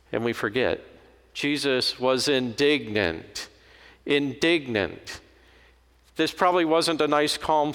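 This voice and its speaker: A man's voice: medium pitch, a bit bright. A man preaching a sermon in a conversational, storytelling manner. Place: church. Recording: long hall reverb.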